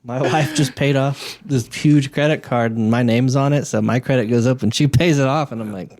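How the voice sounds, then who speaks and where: Young man from Oklahoma, podcast guest, mellow tone, dry close mic, casual swearing storyteller. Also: medium pitch, moderate pace, no echo. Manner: loose storytelling, swears freely, acts out quotes. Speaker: podcast guest, media company owner.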